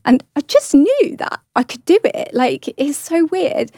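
A woman giving an earnest, halting personal testimony, often restarting her sentences. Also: sits high, very animated, gravelly, a little mellow, no room sound, studio quality. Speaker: guest sharing testimony.

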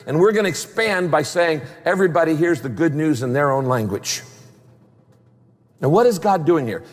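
Emphatic preacher in a reverberant hall. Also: male voice, fairly high pitch. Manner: emphatic, repeats key phrases, acts out voices of people in the story. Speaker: pastor. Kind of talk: sermon. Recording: long reverb of a large hall.

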